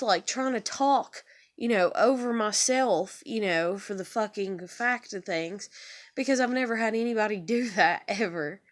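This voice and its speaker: A young woman in a rambling, profane, emotional monologue, near tears as she talks from her bedroom. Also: medium pitch. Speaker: vlogger. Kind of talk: emotional personal monologue to camera.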